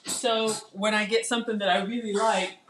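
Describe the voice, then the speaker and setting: A middle-aged woman, chatting excitedly while cooking live and tasting food. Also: medium pitch, moderate pace, noisy background. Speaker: cooking livestream host. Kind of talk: casual live cooking chat.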